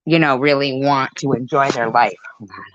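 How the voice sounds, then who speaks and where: A woman's voice: a bass voice, normal speed, no echo, highs cut off. A woman doing casual live commentary as a YouTuber, rambling and swearing as she talks to her viewers.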